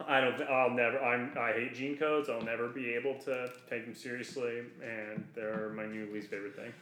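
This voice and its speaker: Podcast dude chatting, goofy and rambly, mid pitch, bit of room echo. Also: male voice, moderate pace, slight background noise. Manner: animated, playful, rambling asides. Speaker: podcast co-host. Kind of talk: casual podcast chat. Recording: roomy echo. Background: dog heard at times.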